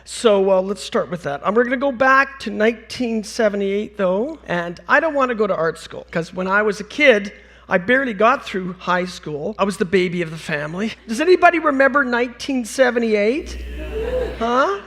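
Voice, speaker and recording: A middle-aged man from Canada telling funny stories from his life in a talk on stage, acting out the people he quotes. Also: normal speed. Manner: animated, acts out quotes with big jumps in pitch. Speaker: conference speaker.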